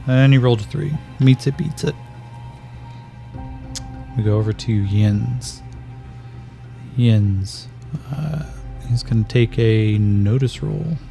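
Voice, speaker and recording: A man narrating a solo tabletop game as game master, calling out dice rolls in a measured way. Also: mid-range voice, creaky.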